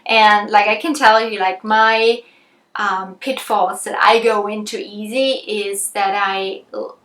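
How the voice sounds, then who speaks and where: Slow-talking woman teacher, roomy echo. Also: mid-range voice. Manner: relaxed, thinks aloud with frequent ums and restarts. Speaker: empathy communication teacher. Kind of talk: conversational teaching with examples.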